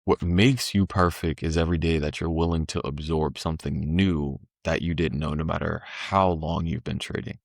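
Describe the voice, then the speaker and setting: A man's voice: extremely low pitch, normal speed, gravelly, few pauses, no room sound, studio quality. A man talking casually as a podcast guest, telling stories in a laid-back, slangy way. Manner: laid-back slangy storytelling, animated when voicing the market.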